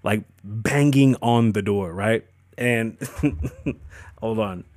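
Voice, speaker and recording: A man's voice: lowish voice, drawn-out words, a little mellow, no echo. A man hosting a podcast, riffing on news in a casual, profane, joking way. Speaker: podcast host. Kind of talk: casual commentary.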